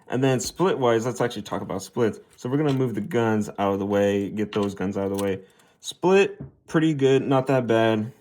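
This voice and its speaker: A man's voice: lowish voice, darkish tone. A young man casually reviewing action figures, rambling and stuttering as he repeats himself while posing them. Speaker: toy reviewer.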